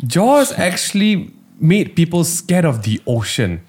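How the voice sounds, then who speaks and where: A man chatting casually on a podcast, his pitch swooping up and down as he talks. He rambles and restarts, full of fillers. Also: a little slow. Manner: animated, rambling, lots of fillers. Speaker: podcast co-host. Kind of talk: casual chat.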